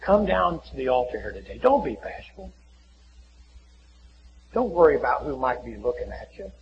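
A man preaching a folksy sermon in a church, often acting out little conversations and dropping to a hushed voice. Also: medium pitch, very animated, moderate pace, lo-fi sound, a little hiss or hum. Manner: folksy, acts out little dialogues, many drops to a hushed voice. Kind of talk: sermon with altar call.

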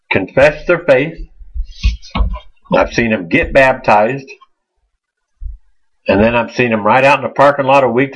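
An earnest man preaching a sermon, stumbling and repeating himself as he goes. His voice is husky, and the recording sounds muffled and lo-fi. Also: mid-range voice. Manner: earnest, halting, repeats words. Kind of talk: informal sermon.

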